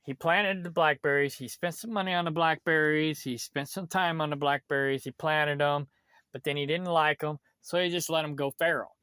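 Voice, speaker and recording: A man's voice: on the high side, fairly even intonation, moderate pace, sharp tone, clear, resonant tone, dry recording, clean studio sound. A man ranting bitterly in a vlog, complaining about someone with lots of swearing. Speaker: vlogger. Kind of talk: angry vlog rant.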